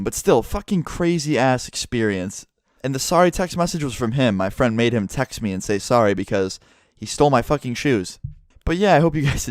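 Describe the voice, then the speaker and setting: A young man talks straight to his viewers in a loose, profane storytime vlog. His voice sits in an ordinary middle pitch, and the sound is dry and close with no room echo. He swears constantly and acts out what others said. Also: clear, resonant tone. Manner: profane, animated storytelling with acted quotes. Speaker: YouTuber.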